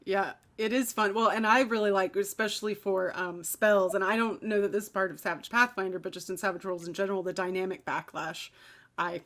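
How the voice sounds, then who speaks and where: A woman's voice: mid-range voice, steady tone, brisk, a bit bright. A woman game master chatting enthusiastically on a casual panel over a video call.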